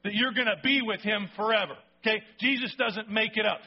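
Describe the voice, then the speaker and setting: Speaking at a normal pace with few pauses, this pastor has a voice that sits high. He preaches conversationally and emphatically, repeatedly asking his listeners "okay?", on a dull lo-fi recording.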